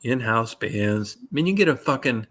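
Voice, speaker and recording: A man's voice: mid-range voice, lively intonation, normal speed, fairly bright tone. A man telling rambling, profane anecdotes in a casual chat. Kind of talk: casual storytelling.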